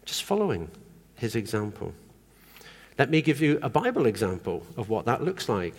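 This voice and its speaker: Lively male preacher in a reverberant hall. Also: on the low side, moderate pace, husky. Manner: conversational, asks the congregation questions. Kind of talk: sermon. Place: church hall.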